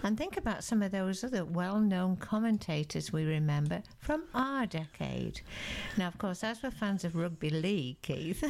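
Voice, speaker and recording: A woman's voice: lowish voice, animated, normal speed, vocal fry, a little mellow. A woman, hosting a nostalgic chat and reading out facts conversationally. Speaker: host.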